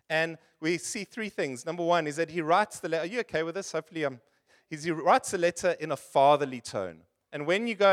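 A man preaching to his congregation in an earnest, conversational sermon. His voice sits somewhat high for a man. He leans on rhetorical questions and talks straight to his listeners. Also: fairly bright tone. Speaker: pastor.

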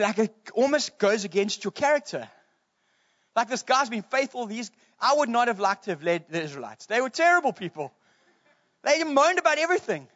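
Pastor, man, high voice, relaxed joking sermon, muffled recording from a large hall. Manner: casual, joking, animated preaching with laughs. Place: church hall, streamed to Zoom. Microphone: pulpit mic. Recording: muffled, reverberant church hall.

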